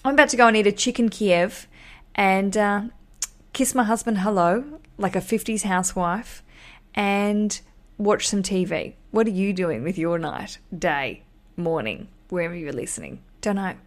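A woman's voice: medium pitch, normal speed. A young woman hosting a casual advice podcast, chatty and frank, swearing lightly and joking as she talks. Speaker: podcast host giving wedding advice.

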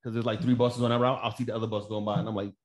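A man's voice: lowish voice, rapid-fire, a crowd in the background. A man telling a work story on a podcast, swearing freely and acting out the dialogue. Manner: profane, animated, acts out dialogue. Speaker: podcast co-host. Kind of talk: casual storytelling chat.

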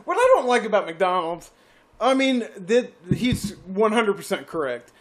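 A man with a high voice and a lively, swinging pitch, co-hosting a casual podcast. He laughs often and drops in short, profane comments. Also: normal speed. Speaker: podcast co-host. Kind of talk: casual chat.

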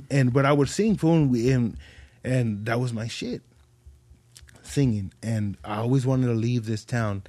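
A man's voice: medium pitch, unhurried, dark tone, no echo. A young adult man, a podcast guest, telling stories in rambling, profane, slangy casual talk. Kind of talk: casual storytelling.

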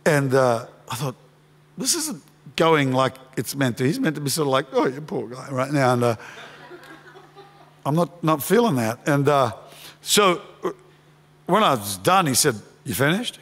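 A middle-aged man preaching a sermon as a pastor, impassioned, swinging from shouts to hushed storytelling. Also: mid-range voice, very animated, normal speed, long pauses. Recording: long hall reverb.

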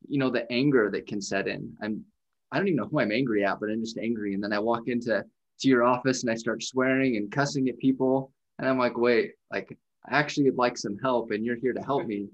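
A man's voice: medium pitch, highs cut off. A man hosting a conversation, reflecting thoughtfully on grief, with many fillers.

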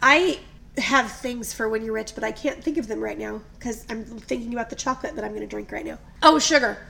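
Woman, high voice, casual chat, animated, laughing. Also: fairly quick, gravelly.

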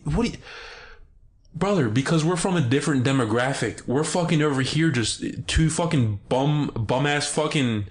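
A young man from Maryland co-hosting a podcast in casual chat, swearing a lot and jumping up in pitch when excited. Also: moderate pace. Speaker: podcast co-host.

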